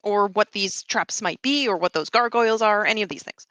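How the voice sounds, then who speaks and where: A woman's voice: medium pitch, a little fast, fairly bright tone, no echo. A woman player in a tabletop game, eagerly firing off questions.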